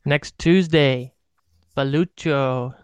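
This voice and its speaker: Smooth-voiced man in casual chat. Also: mid-range voice, very slow, no room sound. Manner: rambling, laid-back storytelling with fillers. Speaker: podcast co-host.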